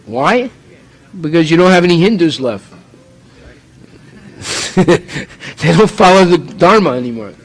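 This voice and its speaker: A man's voice: on the high side, sing-song, measured pace, long pauses, low-quality recording. A man from the United States preaching a sermon, emphatic and full of rhetorical questions.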